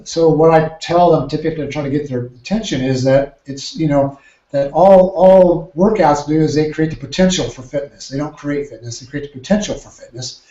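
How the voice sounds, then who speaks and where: A man, a triathlon coach, explaining training ideas in a podcast interview with measured, careful phrasing and frequent restarts. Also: on the high side, mellow. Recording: roomy, dull lo-fi sound.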